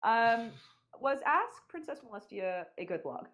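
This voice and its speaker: A woman's voice: fairly high pitch, big pitch swings, unhurried, a bit bright. A young woman hosting a casual podcast, reading out questions and teasing with a giggly manner. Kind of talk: casual chat.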